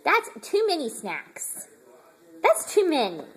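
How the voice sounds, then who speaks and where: A woman's voice: sits high, huge pitch swings, slow. A mother in baby talk to her infant, doting and sing-song with frequent laughter, filmed indoors at home on a handheld phone. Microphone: handheld phone camera.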